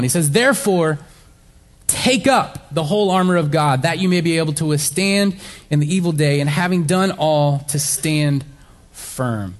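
A man with a fairly high voice delivers a sermon to his congregation. He talks in a loose, conversational way, starting sentences over and dropping in fillers as he explains the passage. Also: in a large hall. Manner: conversational preaching with fillers and restarts. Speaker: pastor.

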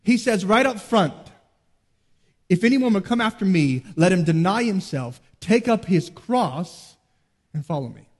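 A man preaching a sermon as pastor, earnest, rising to emphatic peaks and dropping low. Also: lively intonation, unhurried, long reverb tail.

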